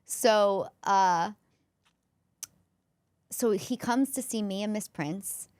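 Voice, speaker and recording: A woman's voice: mid-range voice, extremely slow, a little mellow, clear, resonant tone, no room sound. A woman shares a heartfelt memory with earnest feeling, stumbling and restarting her sentences as the emotion takes over. Her voice sits in a middle range and is recorded close and dry, with no room sound around it. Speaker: comedian and former school counselor, podcast guest. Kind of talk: heartfelt personal storytelling.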